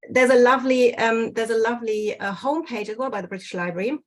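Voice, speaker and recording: A woman's voice: a little high, quick pace, poor audio. A woman giving an online slide talk over a video call, speaking hesitantly with many fillers and restarts. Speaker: speaker presenting on dialect history.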